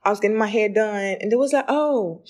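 A young woman hosting a podcast in a relaxed, chatty way. Her voice sits at an ordinary middle pitch, and she tells her stories with energy, playing out the back-and-forth in her own voice. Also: fairly quick. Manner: chatty storyteller, acting out quoted lines with rising excitement. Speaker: podcast host. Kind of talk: casual podcast chat.

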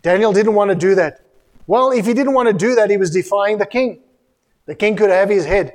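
High-voiced preacher telling Bible stories. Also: male voice, a little fast, big-room sound. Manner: animated storytelling preacher who acts out biblical dialogue; rises to a raised, emphatic voice when rebuking. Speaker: pastor. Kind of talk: sermon.

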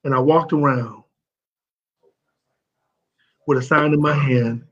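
A man from St. Louis giving an emotional, halting tribute that is full of repeated words. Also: mid-range voice, fairly even intonation, lo-fi sound. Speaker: former pro football player speaking at an event. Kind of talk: heartfelt tribute speech.

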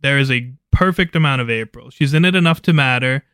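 Smooth-voiced man giving casual opinions. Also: mid-range voice, fairly quick, a bit bright, no echo, clean studio sound. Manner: opinionated, laid-back, swears casually. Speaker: podcast co-host. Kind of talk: casual chat.

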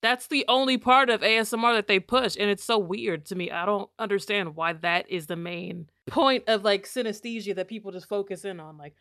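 A woman's voice: medium pitch, brisk, hardly any pauses, bright, forceful tone, dry recording. A woman co-hosting a casual podcast chat, teasing her partner with dry wit on a studio microphone. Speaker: podcast co-host.

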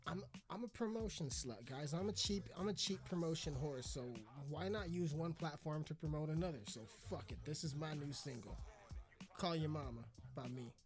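A man hosting a podcast, rambling and cursing heavily, yelling now and then, smoking between sentences into a podcast microphone. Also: fairly high pitch, normal speed, faint music behind. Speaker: podcast host. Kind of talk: casual profane podcast chat.

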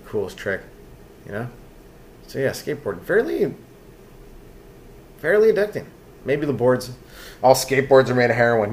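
A man's voice: medium pitch, animated, normal speed, long pauses. A man from Canada hosting a solo comedy podcast, rambling loosely from one aside to the next with lots of fillers.

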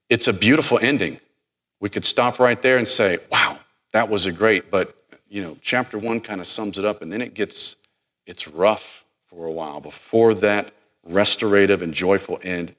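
A middle-aged man preaching a sermon, dramatic, acting out the people in the story and swinging from loud to hushed. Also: low voice, moderate pace. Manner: dramatic, acts out quoted speech, varies loudness widely.

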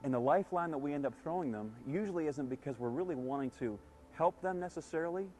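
A man's voice: fairly high pitch, fast talker, a little mellow, faint music behind. A man giving a conversational sermon as a guest speaker at a church service. He tells stories and asks his listeners questions.

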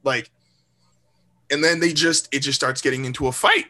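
A man co-hosting a podcast, telling a story in a casual, animated, profane way and acting out quoted lines. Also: mid-range voice, moderate pace. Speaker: podcast co-host. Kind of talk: casual chat.

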